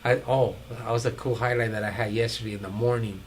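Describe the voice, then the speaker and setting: A man's voice: medium pitch, fairly even intonation, fast talker, slight background noise, poor audio. A man hosting a podcast, telling stories in slangy, profane casual chat. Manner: slangy, profane storytelling with laughs. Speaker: podcast host.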